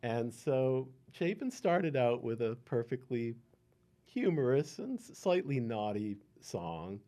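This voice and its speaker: An older man telling stories from his past in an oral history interview, unhurried with many ums and chuckles. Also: medium pitch, animated, mellow. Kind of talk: reminiscing storytelling.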